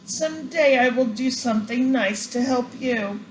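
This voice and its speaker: An older woman voicing a timid little male mouse who pleads in a high, soft voice. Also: normal speed, slight background noise, natural voice. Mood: pleading. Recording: roomy echo, faint ambience.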